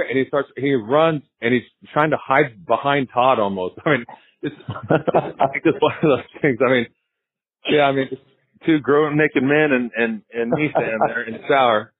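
A former pitcher as a guest, telling stories in a rambling, casual way, often repeating himself and laughing. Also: male voice, normal speed, husky, no room sound. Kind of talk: casual storytelling interview. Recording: tinny phone line.

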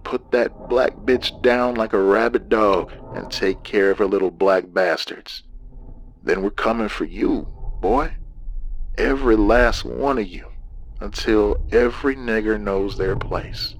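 A man's voice: on the low side, a little slow, a little hiss or hum. A man voicing a menacing, possessed man who taunts and sneers, in a horror audiobook.

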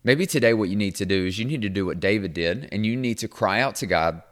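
A man hosting a devotional podcast, talking in an earnest, encouraging, conversational way and growing quiet when he prays. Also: fairly low pitch, animated, fast talker. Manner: quiet and hushed when praying. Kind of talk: devotional talk and prayer.

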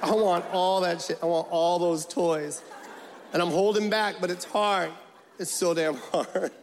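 A man's voice: sits high, a little slow. A man performing a stand-up comedy set, telling stories with profanity and acting out the people in them. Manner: animated storytelling, acts out characters, profane. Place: large theater stage. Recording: live show with loud crowd laughter. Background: audience laughing.

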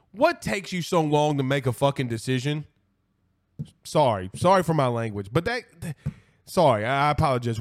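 A man with a slightly high-pitched voice hosts a casual sports live stream. He talks bluntly and repeats himself for emphasis. His delivery is animated, and now and then he curses and apologizes for it. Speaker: host of a college football show. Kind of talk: casual live-stream chat reading viewer comments.

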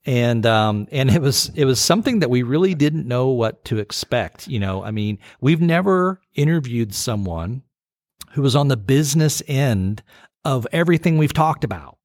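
A man's voice: medium pitch, expressive, moderate pace, no echo. Guy cohosting a podcast, rambly with lots of you knows, mid voice, dead dry mic. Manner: rambling, many fillers and restarts. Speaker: podcast co-host. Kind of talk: casual chat.

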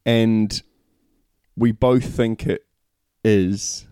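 A man with a fairly low voice co-hosts a podcast, joking and teasing in easy chat. The sound is close and dry. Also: fairly even intonation, drawn-out words, dark tone, clear, resonant tone, dry recording. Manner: teasing, jokey, reads listener questions. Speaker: podcast co-host. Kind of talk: casual chat.

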